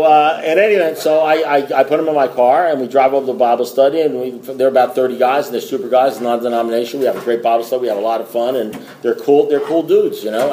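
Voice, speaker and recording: A man's voice: mid-range voice, a little mellow, roomy sound. A middle-aged man speaking to a recovery meeting, telling a story in a rambling way with restarts and wry asides. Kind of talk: storytelling talk to a group.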